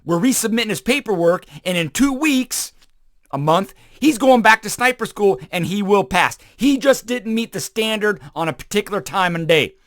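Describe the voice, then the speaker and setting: A man hosting a motivational talk show, telling Army stories in a punchy, emphatic way with sudden loud bursts, often repeating phrases for emphasis. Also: high voice, lively intonation, normal speed, no echo, clean studio sound. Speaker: podcast host and former Army sniper. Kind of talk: motivational storytelling monologue.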